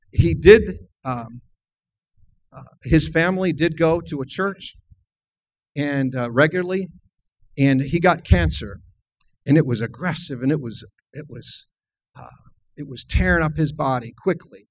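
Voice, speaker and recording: A man's voice: a little high, unhurried, pauses often, low-quality recording. A middle-aged man, a minister, preaching a sermon and telling a personal story in an earnest way. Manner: earnest, storytelling, frequent restarts.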